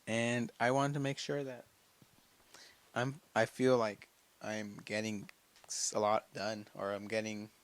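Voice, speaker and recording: A man of nineteen hosting his own podcast alone, giving himself and his listeners a fired-up motivational pep talk, swearing often and repeating phrases. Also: fairly low pitch. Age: late teens. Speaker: podcast host. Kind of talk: casual solo motivational podcast monologue.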